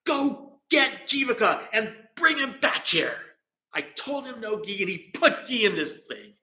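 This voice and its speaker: Brief: man doing a hot-tempered ancient king, shrill and bright, roomy echo. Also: unhurried. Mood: furious. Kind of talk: dharma talk storytelling.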